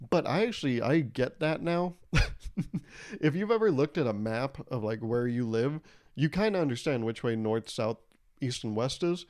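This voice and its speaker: A man's voice: medium pitch, expressive, moderate pace, a little mellow. A young man hosting a solo podcast, rambling and joking, swearing and laughing as he tells stories. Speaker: podcast host. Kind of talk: casual solo podcast monologue.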